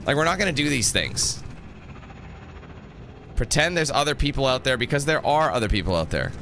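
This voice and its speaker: A man's voice: mid-range voice, lively intonation, brisk, sharp tone, slight background noise. A man giving casual gameplay commentary, rambling into a profane rant. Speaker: gameplay video creator.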